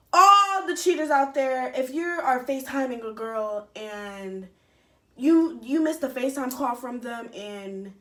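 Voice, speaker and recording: A young adult woman telling a personal story casually to her camera, animated, profane and candid, talking straight to her viewers. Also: on the high side. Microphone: camera set up in front of her.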